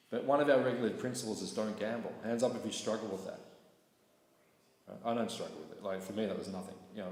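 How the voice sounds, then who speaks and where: A man teaching a scripture class in a relaxed, conversational way, often checking in with his listeners. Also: lowish voice. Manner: conversational, keeps asking "right?". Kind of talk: casual scripture class talk. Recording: echoey hall with faint noise.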